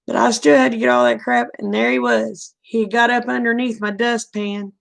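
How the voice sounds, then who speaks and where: A middle-aged woman with a drawl tells a story in a casual, animated way, acting out every quoted line. Her voice sits a little high and has a gravelly fry. She sounds like she is chatting with a friend. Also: moderate pace. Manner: folksy, animated storyteller who acts out quoted dialogue. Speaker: vlogger telling stories.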